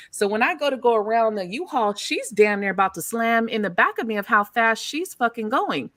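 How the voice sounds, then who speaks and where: A woman hosting a casual chat, telling stories in an animated, profane way and laughing often. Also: fairly high pitch, no room sound, studio quality. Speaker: host.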